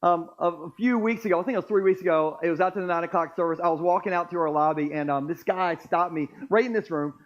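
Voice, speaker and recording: Pastor, male, high voice, playful crowd-working preacher in a church, lo-fi sound. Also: quick pace, few pauses. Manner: joking, playful, crowd-engaging. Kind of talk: sermon. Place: church auditorium.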